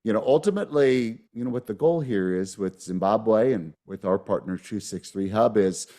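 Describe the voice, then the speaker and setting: A man co-hosting a webinar, talking in a relaxed conversational way with many fillers. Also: lowish voice, normal speed. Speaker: webinar co-host. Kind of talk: casual webinar talk.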